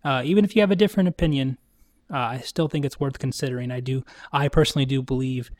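A man in a casual Bible study chat who speaks warmly and enthusiastically, affirming what the others say. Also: mid-range voice, quick pace. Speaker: co-host in a Bible study talk.

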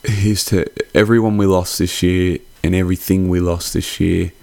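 A man's voice: deep voice, flat delivery, moderate pace, vocal fry, mellow, no echo. A young man hosting a podcast. He gives a casual, heartfelt holiday sign-off that rambles and swears freely. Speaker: podcast host.

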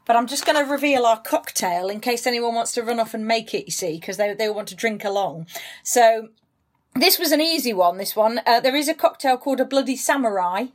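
English woman cohosting a podcast, bit high voice, chatty, keeps restarting sentences. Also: animated, a little fast. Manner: chatty, self-interrupting, laughing. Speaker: podcast co-host. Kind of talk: casual chat.

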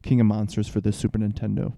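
A man's voice: lowish voice, level tone, fast, gravelly, dark tone, dry recording, clean studio sound. A man chatting casually about retro video games, rambling with fillers. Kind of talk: casual chat.

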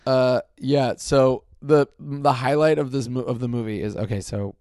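A man's voice: medium pitch, steady tone, normal speed, a little mellow, no echo, clean studio sound. A man who teaches, chatting casually and laughing, mimicking lines in quotes. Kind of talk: casual chat.

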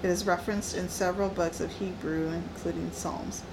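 A woman co-hosting a casual podcast chat, animated and laughing often as she talks through a horror film. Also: lowish voice, normal speed, noisy background. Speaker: podcast co-host.

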